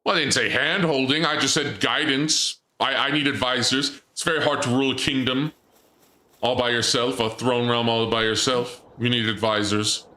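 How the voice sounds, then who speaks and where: A man casually chatting and rambling as he plays a video game, jokingly calling himself a dark lord. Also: medium pitch, fairly even intonation, moderate pace, roomy sound. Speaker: game streamer. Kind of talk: casual gameplay commentary.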